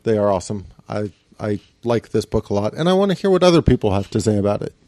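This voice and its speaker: A man co-hosting a podcast, chatting casually in a measured, agreeable way. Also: lowish voice, big pitch swings, mellow. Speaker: podcast co-host. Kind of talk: casual chat.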